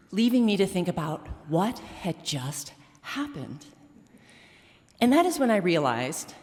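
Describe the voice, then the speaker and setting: Woman, live storyteller, comic and self-mocking, lively swooping pitch, stage mic, echoing theater hall.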